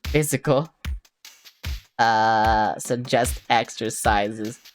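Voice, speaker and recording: Low-voiced woman streamer joking through a game. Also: drawn-out words, soft background music. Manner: joking, swearing, laughing asides. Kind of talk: casual let's-play commentary.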